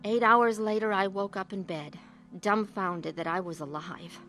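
A woman's voice: mid-range voice, fairly even intonation, a little slow, fairly bright tone, soft background music, close to an everyday voice. A woman as a troubled middle-aged narrator. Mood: somber. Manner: earnest, emotional. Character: troubled woman telling her own story. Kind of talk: radio drama narration and acting.

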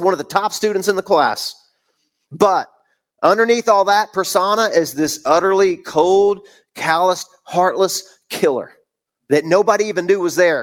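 Pastor, middle-aged man, slightly high voice, casual preaching full of rhetorical questions. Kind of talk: sermon.

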